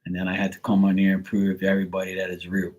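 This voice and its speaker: A man's voice: deep voice, completely flat delivery, racing, darkish tone. A middle-aged man giving a tarot reading on a live stream, talking in a blunt, rambling way with many fillers. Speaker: tarot reader and livestream host. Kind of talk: casual live-stream chat.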